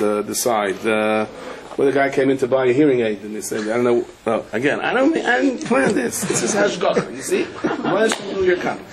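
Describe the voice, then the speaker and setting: A middle-aged man, a rabbi, giving a humorous sermon full of anecdotes. He peppers his talk with Yiddish and Hebrew words and jumps high in pitch when he quotes people. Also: low-quality recording.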